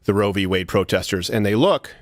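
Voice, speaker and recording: A man's voice: lowish voice, fairly quick, no echo. A man hosting a political comedy talk show, sarcastic and brash, laughing at his own jokes. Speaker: show host.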